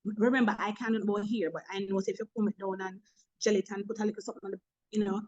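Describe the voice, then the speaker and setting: A woman's voice: mid-range voice, fairly even intonation, fast, a little mellow, dull audio. A woman with a Jamaican accent, a motivational speaker in a webinar talk, humorous and preachy, telling stories from work.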